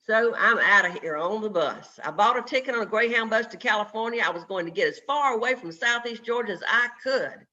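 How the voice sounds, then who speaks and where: A man leading a worship service on a video call, telling a story in an earnest way and pausing often with fillers. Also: high voice, pushed and bright. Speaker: worship leader. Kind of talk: sermon storytelling. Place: home, indoors, on a video call. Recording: dull lo-fi video call audio.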